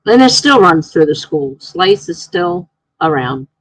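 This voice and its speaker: A woman live-streaming from home, chatting casually, reading viewer comments aloud and telling excitable stories. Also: low voice, a little slow, dry recording, poor audio.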